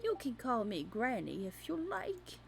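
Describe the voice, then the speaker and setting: A woman voicing a gentle, doting elderly grandmother who welcomes newcomers. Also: fairly high pitch, wildly swooping pitch, unhurried, creaky, background noise, exaggerated voice. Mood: welcoming.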